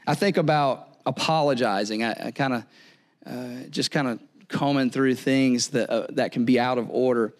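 A man's voice: medium pitch, moderate pace. A man preaching a sermon in a conversational, joking way, often repeating words and checking in with "right?". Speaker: pastor.

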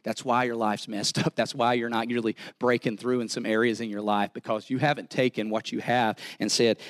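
A man with a Southern US accent preaching a sermon as pastor, animated and repeating words as he builds to excited exhortation. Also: mid-range voice, brisk, hardly any pauses. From American South.

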